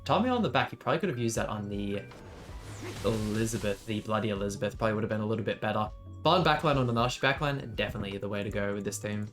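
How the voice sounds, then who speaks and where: A man's voice: fairly low pitch, animated, fast, a bit bright, soft background music. A man giving casual commentary over his own gameplay for a video, thinking aloud with fillers and restarts. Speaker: gaming video creator.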